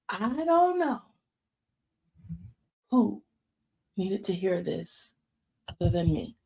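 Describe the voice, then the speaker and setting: A woman in her fifties hosting a faith talk show, preaching in a casual, folksy way and dropping into hushed asides. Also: fairly low pitch, very animated, takes it slowly, creaky, pauses often, breathy edge. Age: 50s.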